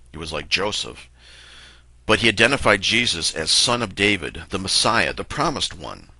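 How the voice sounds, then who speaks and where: A man with a low, bright and forceful voice reads scripture and reflects on it. He talks earnestly and slowly, pausing between thoughts. The recording is dry and close. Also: no room sound. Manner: earnest, slow and reflective with pauses. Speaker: lay preacher. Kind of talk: bible reading and devotional talk.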